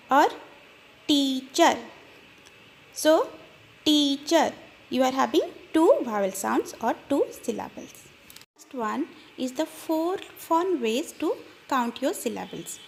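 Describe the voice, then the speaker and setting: A woman teaching a grammar lesson, explaining slowly and spelling out word parts, with small fillers and restarts. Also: high voice, lively intonation, gravelly. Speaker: English teacher.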